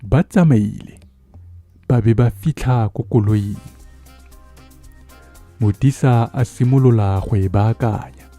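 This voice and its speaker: Dark-voiced male storyteller. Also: lowish voice, unhurried, pauses often, faint music behind. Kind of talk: scripted story narration.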